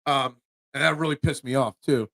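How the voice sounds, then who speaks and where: A man's voice: medium pitch, normal speed, creaky, fairly bright tone, no room sound, clean studio sound. A young man with a Philadelphia accent, hosting a casual sports talk show and getting worked up, repeating words when riled. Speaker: podcast host.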